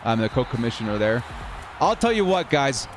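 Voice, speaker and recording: A man's voice: mid-range voice, big pitch swings, a little fast. Chatty male streamer calling simulated football. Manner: chatty, reads and answers viewer comments between plays. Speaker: livestream host of football game simulations. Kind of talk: casual live-stream play-by-play and chat. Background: faint 1980s-style background music.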